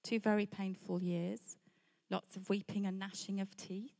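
Middle-aged woman preaching her testimony, slow and candid, storytelling style. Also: mid-range voice, level tone, gravelly, a little mellow. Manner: candid, storytelling, laughs between points. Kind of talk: personal testimony sermon.

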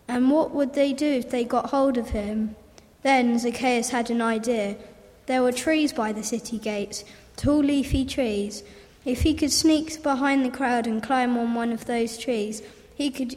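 A woman reading a children's story aloud in a lively, repeating storybook manner. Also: fairly high pitch. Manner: lively, repetitive storybook phrasing. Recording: roomy hall reverb.

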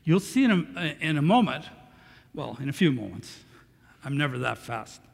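High-voiced preacher in an echoing hall. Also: male voice, normal speed, creaky. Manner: animated, asks the congregation questions. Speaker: pastor. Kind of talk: sermon. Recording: long reverb of a large hall.

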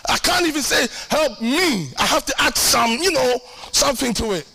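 A man preaching a sermon as pastor, emphatic and animated, repeating key lines and acting out his own prayers with humor. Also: extremely high pitch, moderate pace, vocal fry, heavy background noise.

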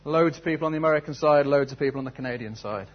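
A man's voice: medium pitch, very fast, highs cut off. A man preaching a sermon, telling a story and then asking earnest, searching questions. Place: church service.

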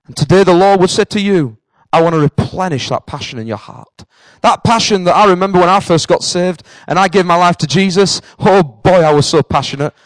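A man's voice: sits high, fairly quick, few pauses, dry recording, rough recording. Fervent male preacher, dry close sound. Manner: earnest, rising to fervent passion. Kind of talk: sermon.

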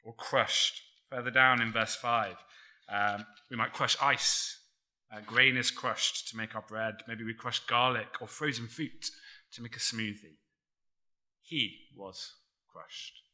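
Bright-toned male preacher, emphatic. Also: mid-range voice, level tone. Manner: measured, emphatic, drops to a near-murmur on key words. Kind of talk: sermon.

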